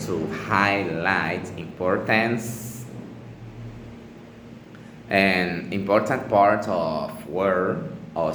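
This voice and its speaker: A man teaching an English lesson in a deliberate, pausing way, with fillers and restarts. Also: sits low, fairly bright tone. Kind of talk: slow instructional explanation. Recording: echoey room with faint ambient noise.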